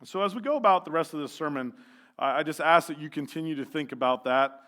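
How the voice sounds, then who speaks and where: A man's voice: a little high, fast, sharp tone. A man preaching a sermon as youth leader in a church, casual and joking, with lots of ums and restarts.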